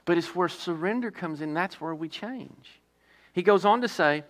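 Sitting high in pitch, a pastor's voice drives an emphatic sermon. He puts rhetorical questions to the congregation and alternates loudly stressed words with softer, slower asides.

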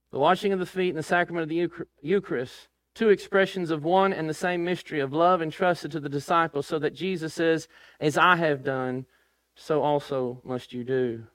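Emphatic preacher, fairly high voice. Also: male voice, dry recording. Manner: emphatic, rising to loud questions. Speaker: pastor. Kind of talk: sermon with scripture reading. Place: church.

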